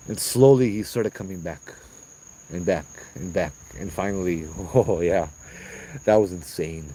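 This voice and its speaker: A middle-aged man with a Hawaiian accent, telling ghost stories on location outdoors in a casual, animated way, acting out sounds and voices and saying "bro". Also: low-pitched, measured pace, rough recording. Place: outdoors at a trail at night. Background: crickets and insects.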